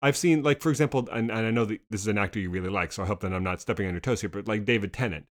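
A man chats about television at a quick clip, his voice sitting a little low. He rambles, loops back and restarts his sentences as he works through his thoughts. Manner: fast, rambling, many restarts. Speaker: podcast co-host. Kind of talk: casual TV discussion.

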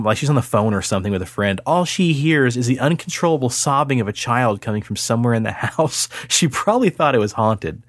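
A man's voice: medium pitch, a little fast, no room sound. Guy in his 30s telling a gross story on a podcast, voice jumping all over, super dry close sound. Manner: animated, crude, laughing storyteller. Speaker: podcast host. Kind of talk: casual storytelling chat.

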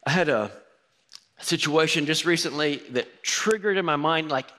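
A man's voice: on the high side, normal speed, bright, forceful tone. A man preaching, telling a personal story in a conversational sermon style with quoted voices. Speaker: pastor.

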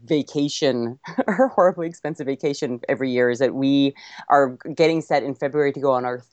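A woman guest filmmaker chatting casually on a podcast, enthusiastic and quick to laugh. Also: a bass voice, a little mellow, dry recording, dull audio.

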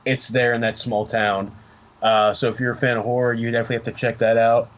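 A man talking casually as a podcast guest, rambling and halting with many fillers. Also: mid-range voice, flat delivery, muffled recording. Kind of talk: casual chat.

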